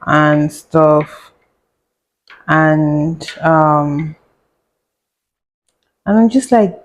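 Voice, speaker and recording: A woman's voice: low-pitched, takes it slowly, long pauses, low-quality recording. A young woman, a doctor, telling a story in a sarcastic, chatty way while she cooks, laughing and muttering to herself. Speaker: doctor and vlogger. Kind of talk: casual storytime chat while cooking.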